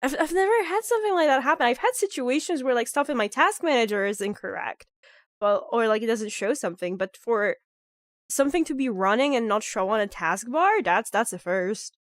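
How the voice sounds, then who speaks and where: Woman streamer, nasal sick voice, fairly high, dry close sound, rambling chat full of fillers. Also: a little fast, no room sound. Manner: rambling, animated, heavy on "like" fillers. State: sick, nasal with a clogged nose. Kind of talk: casual live-stream chat.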